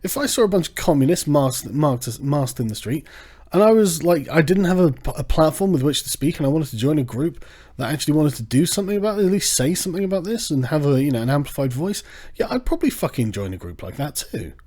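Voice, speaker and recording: Male channel host, mellow low timbre, swears freely, sarcastic and heated in a loose livestream rant. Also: fast, slightly rough. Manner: profane, sarcastic, animated.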